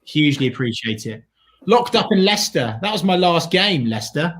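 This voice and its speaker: Co-hosting a football watchalong for a fan channel, a man enthusiastically reads out donations, gives shout-outs and shares match updates in casual chat. He speaks fairly quickly in a fairly high, sing-song voice.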